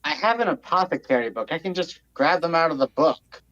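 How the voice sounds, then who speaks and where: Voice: medium pitch, lively intonation, fairly quick, a bit bright, lo-fi sound. A tabletop game player speaking in a matter-of-fact, emphatic way. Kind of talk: playing a tabletop game, casual.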